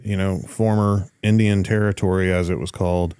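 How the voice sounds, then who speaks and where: A man from Oklahoma hosting a podcast interview, relaxed and thoughtful, with frequent "uh"s. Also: sits low, moderate pace, clean tone, no room sound, clean studio sound. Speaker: podcast host. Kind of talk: casual interview chat.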